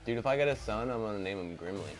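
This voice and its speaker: Very deep-voiced man in gaming chat. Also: animated, racing, background noise. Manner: chatty, self-deprecating, rambling asides. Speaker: gamer co-host.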